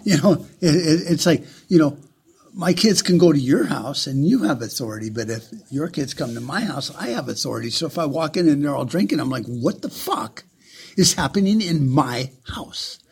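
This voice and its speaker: Man, husky voice, swings up and down a lot, profane sarcastic rant. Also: on the high side, animated, fairly quick, darkish tone. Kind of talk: ranting monologue.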